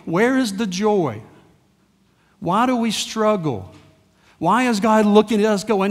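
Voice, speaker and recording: High-voiced pastor preaching. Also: male voice, normal speed. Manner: conversational and emphatic, with rhetorical questions. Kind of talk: sermon. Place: church sanctuary. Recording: long reverb in a church hall.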